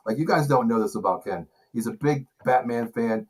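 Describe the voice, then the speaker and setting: A man co-hosting a casual sports talk show, joking around and telling loud stories. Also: mid-range voice, moderate pace, breathy edge, rough recording. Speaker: podcast co-host.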